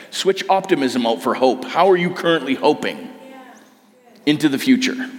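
A man preaching a sermon at a camp, urging his listeners with earnest, repeated phrases. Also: lowish voice. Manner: earnest, repetitive exhortation. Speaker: camp speaker. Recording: long hall reverb.

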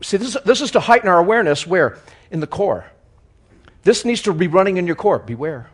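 A man preaching a sermon, swinging between loud emphasis and quiet joking asides, chuckling at his own lines. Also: high voice, animated, brisk, husky.

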